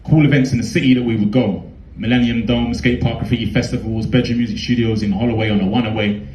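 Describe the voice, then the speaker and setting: A man's voice: medium pitch, fairly even intonation, fast talker, a little mellow, echoey room, slight background noise, low-quality recording. A young man with a London accent performing a heartfelt spoken word poem in a rhythmic, rhyming delivery.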